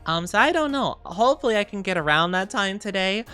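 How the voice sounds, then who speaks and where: A woman's voice: medium pitch, lively intonation, fairly quick, fairly bright tone, clean tone, faint music behind. A tired woman streamer rambling and giggling in casual chat, greeting viewers as she goes.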